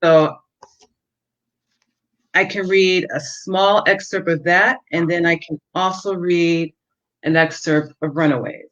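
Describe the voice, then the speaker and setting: A woman author reading excerpts from her own novel at a measured pace, with a few fillers in between, heard through dull lo-fi audio. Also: on the low side, steady tone, fairly bright tone.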